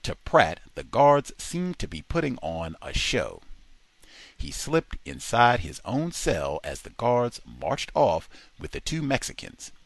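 A man reading a nonfiction book aloud in a dramatic, expressive way. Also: mid-range voice, slow pace, vocal fry, no echo. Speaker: audiobook reader.

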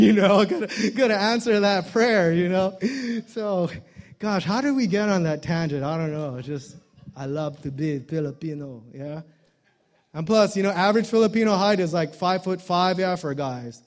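High-voiced joking male preacher. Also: moderate pace. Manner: conversational, joking, many fillers and restarts. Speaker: pastor. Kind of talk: sermon.

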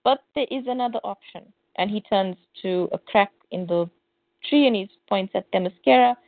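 Animated woman retelling a comic, tinny line. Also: mid-range voice, moderate pace, dry recording. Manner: animated retelling with quoted voices. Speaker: podcast co-host. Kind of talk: casual comic recap, reading dialogue aloud. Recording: tinny phone-like dry audio.

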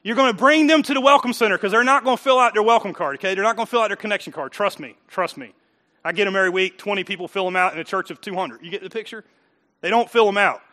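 A man preaching a sermon as pastor in a church, animated and conversational, asking the congregation rhetorical questions and acting out what people will say. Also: high-pitched, fast talker.

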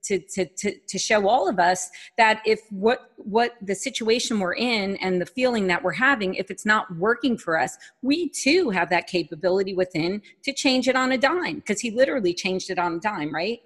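A woman's voice: mid-range voice, animated, moderate pace, few pauses, fairly bright tone. A woman hosting a radio show, reflecting on her guest's story in a chatty way, with many fillers. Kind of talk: casual radio show interview.

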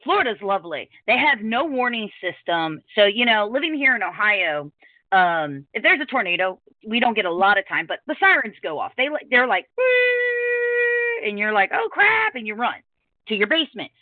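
A woman hosting a podcast in casual chat, talkative and quick to laugh as she tells stories. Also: mid-range voice, sing-song, no room sound. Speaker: podcast host. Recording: dry, tinny phone-like sound.

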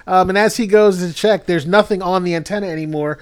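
This man's voice is high, fairly quick, and smooth. Co-hosting a comedy podcast, he retells a movie plot casually and ramblingly, laughing through his own storytelling.

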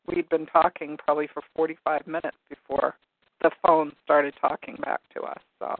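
A woman's voice: deep voice, little pitch movement, normal speed, no echo. A woman hosting a call-in show, chatting casually and telling a rambling, amused story. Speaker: radio call-in show host. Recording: tinny phone-line sound.

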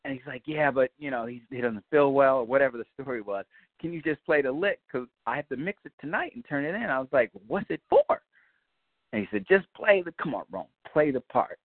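Animated storytelling man on a tinny line. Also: medium pitch, brisk, no echo. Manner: animated, profane, acts out quoted dialogue. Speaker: guest musician telling a story. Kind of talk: casual storytelling. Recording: tinny phone-like line, dry.

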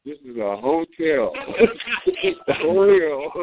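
Here the co-host and company chairman rambles through a live call broadcast, laughing often and leaning on fillers, with crowd noise in the background. His voice sits a little high and sounds expressive, and he stretches out his words. It comes through with a dry, thin, phone-like quality.

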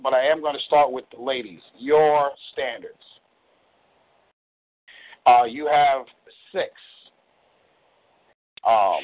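A man coaches over a phone line, blunt and folksy, swearing to drive points home. His voice sits a little high. The sound is thin and tinny, like a phone call. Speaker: relationship coach leading a call.

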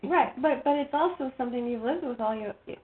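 Affirming woman host, fairly high voice, heard over a tinny phone line. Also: fairly quick. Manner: affirming, encouraging. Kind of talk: casual supportive conversation.

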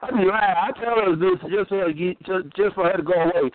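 A man's voice: sits high, quick pace. A man bantering and teasing in a casual interview, joking about himself. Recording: tinny phone line.

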